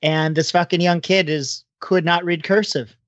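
A man rambling through stories in casual podcast chat, full of fillers and swearing. His voice sits a little high and sounds dry and close, with slightly muffled audio. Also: fairly even intonation, normal speed, fairly bright tone, no room sound. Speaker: podcast panelist, former army sergeant.

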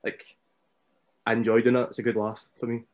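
A man's voice: medium pitch, a little fast, dull audio. Chatty young Scottish man. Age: young adult. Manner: chatty, animated storytelling. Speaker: wrestler guest. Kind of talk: casual podcast interview.

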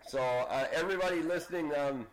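A man's voice: a little high, a little fast, a little hiss or hum, rough recording. A man co-hosting a casual podcast, joking and swearing freely, often stopping and restarting with fillers. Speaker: podcast co-host. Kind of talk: casual chat.

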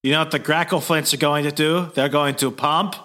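A man's voice: fairly high pitch, fairly even intonation, fairly quick, pushed and bright. A man co-hosting a podcast, chatting and going off on tangents. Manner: chatty and digressive. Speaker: podcast co-host. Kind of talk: casual chat.

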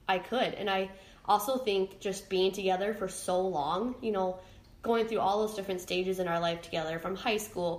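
A young adult woman, a podcast guest, talking candidly and emotionally about her own life, often restarting and searching for words. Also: lowish voice. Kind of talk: candid personal storytelling. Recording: roomy echo.

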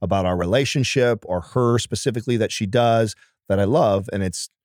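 A man's voice: lowish voice, fairly quick, darkish tone, no room sound. Earnest man talking close and dry. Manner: earnest and emphatic, swears casually. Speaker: podcast guest. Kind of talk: casual conversation.

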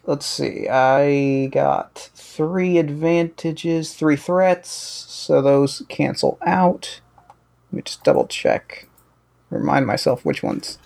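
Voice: medium pitch, animated, slow, vocal fry, a little mellow. A tabletop player casually checking the rules and reading out their dice results.

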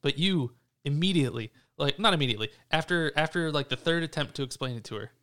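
Smooth-voiced man hosting a casual podcast. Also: on the high side, animated, quick pace, bright, forceful tone. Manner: snarky, profane, rambling with restarts. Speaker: podcast host.

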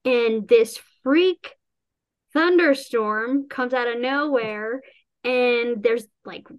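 A woman with a slightly high, clear, resonant voice speaks very slowly over a lo-fi recording. She's an author chatting casually about her novel, rambling and restarting, acting out quotes and laughing often.

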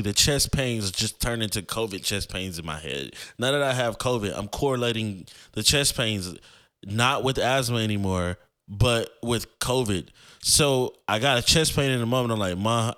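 A man's voice: mid-range voice, expressive, moderate pace, a bit bright, clean tone. A young man, a podcast host, telling a personal story in a loose, slangy way with many fillers and restarts.

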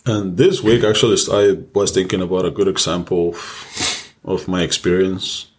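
A young man with a very deep, low voice tells a personal story on a casual podcast. He speaks candidly and with feeling, cursing freely as the memory builds. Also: flat delivery, moderate pace. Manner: candid, emotional personal storytelling with frequent swearing. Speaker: podcast co-host.

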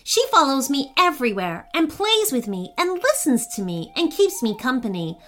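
A woman's voice: high-pitched, sing-song, normal speed, a bit bright, a little hiss or hum. A woman voicing Graham, a polite, nervous man with a dog, for a storybook reading. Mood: earnest.

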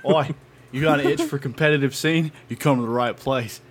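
A man's voice: mid-range voice, brisk, lightly acted. A man putting on a pirate voice to hype competitive gaming in a podcast intro. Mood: swaggering. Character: gruff male pirate hyping esports.

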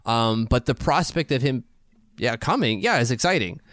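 A man co-hosts a podcast, chatting and telling stories casually in a mid-range, slightly bright voice. His intonation is lively and his pace moderate, recorded with clean studio sound and no echo.

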